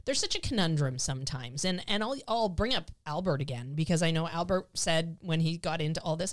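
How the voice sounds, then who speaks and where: A woman's voice: on the low side, expressive, fairly quick, hardly any pauses. Emotional, enthusiastic woman host. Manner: enthusiastic, emotional, repeats words when starting sentences. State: voice quivering with emotion. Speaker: podcast host, dog training instructor. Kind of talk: casual chat.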